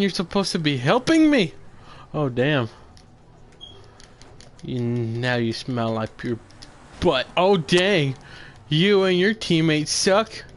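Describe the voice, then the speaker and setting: Excitable young man trash-talking over a game. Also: a little high, a little hiss or hum. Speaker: gamer streaming gameplay. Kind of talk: casual gameplay commentary.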